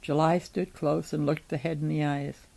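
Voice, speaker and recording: A woman reading a novel chapter aloud in an even, measured storytelling manner. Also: deep voice, creaky, low-quality recording.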